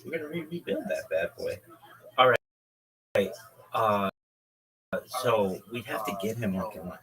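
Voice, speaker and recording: A man's voice: fairly low pitch, very animated, measured pace, crowd noise, poor audio. A man hosting a livestream, riffing through an improvised comedy bit in a rambling way. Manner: rambling, riffing, full of fillers.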